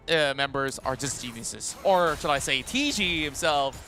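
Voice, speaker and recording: A man casting a mobile esports match live, talking in an animated, chatty play-by-play style with frequent fillers. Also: medium pitch, unhurried, faint music behind. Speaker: esports caster.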